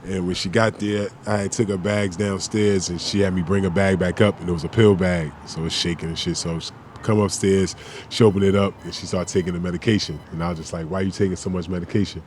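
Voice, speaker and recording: A former basketball player in his forties guests on a podcast, telling stories in an animated, loose, slangy and profane way. His deep voice moves briskly, and there's a little hiss or hum on the audio.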